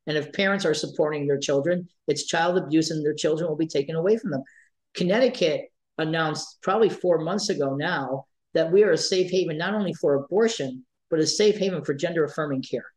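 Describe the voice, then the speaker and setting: A man's voice: fairly high pitch, brisk, a little mellow, poor audio. A man being interviewed, speaking with passion and emotion and repeating his points for emphasis. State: emotional, near tears. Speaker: advocate for trans youth. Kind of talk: interview guest.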